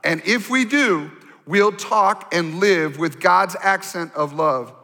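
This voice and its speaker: Pastor de voz aguda y brillante, con mucho eco de sala. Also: male voice, high-pitched, takes it slowly. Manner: animated, conversational preaching with audience prompts. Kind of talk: sermon. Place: church sanctuary. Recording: long hall reverb.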